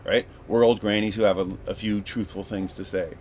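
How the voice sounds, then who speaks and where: A man from Northern California hosting a podcast, rambling through a casual, profane story in an animated way. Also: lowish voice, fairly quick, a little hiss or hum. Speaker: podcast host.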